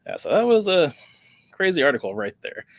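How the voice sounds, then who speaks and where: A man's voice: a little high, big pitch swings, brisk, no room sound. A man hosting a crypto news vlog, reading an article aloud with small stumbles and adding sarcastic, worried commentary. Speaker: crypto channel host.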